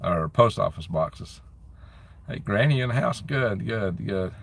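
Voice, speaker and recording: A man's voice: lowish voice, expressive, unhurried, vocal fry, recorded from a distance. A man hosting a casual live stream on his phone, chatting and grumbling as he reads out where viewers are from. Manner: reads out viewer comments and locations.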